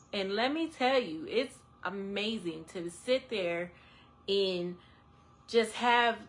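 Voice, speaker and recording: Bubbly high bright-voiced woman. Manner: animated, laughs often, talks straight to viewers. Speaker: independent travel agent hosting a live stream. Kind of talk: casual live-stream chat. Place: indoors under a ring light.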